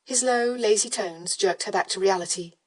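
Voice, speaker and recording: A woman reads a historical romance in a steady, measured narrating voice. Her pitch sits in an ordinary middle range, and she paces the prose evenly. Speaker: audiobook narrator. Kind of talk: scripted narration.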